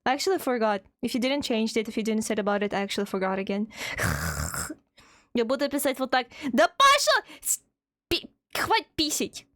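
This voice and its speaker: A woman streaming live, chatting with her audience in an excitable way, swearing and playfully shouting at chat. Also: on the high side, fairly quick, no room sound. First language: Russian. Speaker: VTuber streamer.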